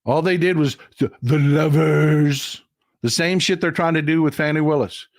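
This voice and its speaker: An older man talks straight into a close, dry mic on his own livestream. His voice sits a bit on the high side, and he speaks plainly and profanely, stopping now and then to read out and thank viewer comments. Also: steady tone, normal speed, no room sound. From Texas. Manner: blunt, profane, reads viewer comments aloud. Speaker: livestream host.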